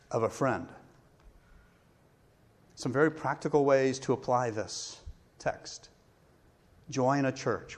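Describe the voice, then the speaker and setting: In his sermon, this middle-aged male pastor shares a personal story in a mid-range voice, pausing warmly and laughing at himself now and then.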